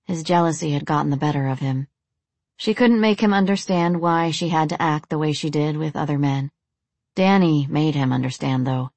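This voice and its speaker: In a low voice at normal speed, a woman reads an audiobook with even, steady storytelling. There is no room sound.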